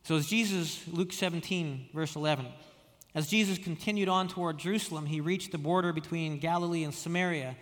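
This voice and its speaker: A man preaching a sermon, telling stories with frequent restarts and stammered repeats, dropping soft when quoting. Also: on the high side, fairly even intonation, fairly quick, in a large hall. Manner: storytelling, many restarts and stammered repeats, drops soft for quoted words. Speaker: pastor.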